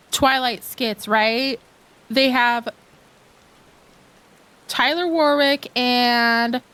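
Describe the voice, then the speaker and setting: A woman's voice: fairly high pitch, a bit bright. A woman streaming a game live, chatting with viewers in a gushing, giggly, rambling way into a desk mic.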